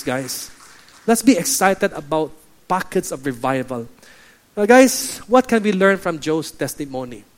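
A man with a Filipino accent preaching a sermon as pastor, emphatic and exhorting, repeating key phrases. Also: a little high.

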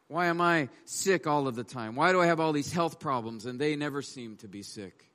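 Bright-voiced male preacher. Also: a little high, brisk, few pauses. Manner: expository preaching, voices the psalmist's complaints with rising emphasis. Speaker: pastor. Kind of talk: sermon.

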